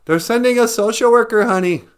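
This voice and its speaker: A man's voice: a little fast, smooth. A man putting on a frantic woman caller. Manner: frantic, pleading, high-pitched. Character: panicked woman calling emergency line.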